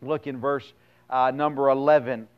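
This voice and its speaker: Man, preacher, sermon, scripture reading, blunt paraphrase, smooth resonant voice, slightly dull lo-fi sound. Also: medium pitch, fairly even intonation, normal speed. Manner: reads scripture aloud then paraphrases it bluntly; dynamic, swings from loud emphasis to quiet asides. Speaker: pastor.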